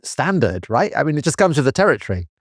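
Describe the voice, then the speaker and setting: A man's voice: on the high side, sing-song, no room sound, clean studio sound. Wry man chiming in. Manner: wry, quick interjections. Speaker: podcast co-host. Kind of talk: conversational history chat.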